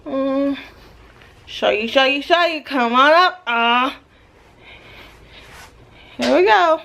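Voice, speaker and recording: A woman's voice: sits high, slow pace, creaky, sharp tone, slight background noise. A woman from Jamaica, in her thirties, chatting casually in a pregnancy update vlog, playful and self-mocking, talking to a camera mic. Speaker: vlogger.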